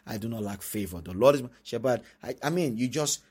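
A man preaching a sermon, reading scripture slowly and breaking into quick acted-out asides. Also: medium pitch, expressive, a little mellow, husky. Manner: reads scripture slowly, then talks fast with many asides.

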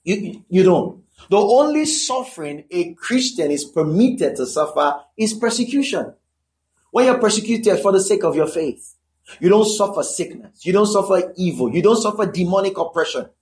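A man with a notably high voice preaches a sermon. He talks emphatically, repeats key lines for effect, and keeps checking in with his listeners between points. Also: expressive, normal speed, darkish tone. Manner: conversational asides to the listeners.

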